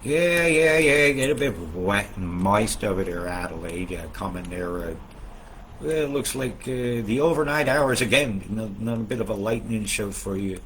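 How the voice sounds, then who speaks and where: A man's voice: fairly low pitch, moderate pace, slight background noise. Profane man ranting about weather. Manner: profane, animated, swings between loud outbursts and muttering. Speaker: weather video host. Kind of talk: casual rambling weather commentary.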